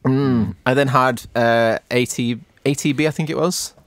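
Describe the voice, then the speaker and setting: Guy hosting a music podcast, jokey and self-mocking, mid pitch, dead dry mic. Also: normal speed, no room sound. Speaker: podcast host. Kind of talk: casual chat.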